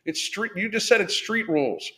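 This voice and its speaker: A man's voice: high-pitched, lively intonation, normal speed, a bit bright. A man hosting a live podcast, ranting bluntly and swearing a lot while reading out viewer comments. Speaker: podcast host. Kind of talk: live-stream rant reading chat.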